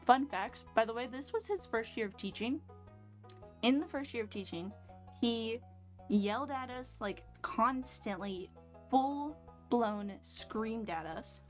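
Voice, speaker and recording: Woman, 20s, slightly high voice, casual storytelling, sarcastic, blunt, swearing, faint music behind. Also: lively intonation, slow. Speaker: streamer. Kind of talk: casual storytelling while gaming. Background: faint background music.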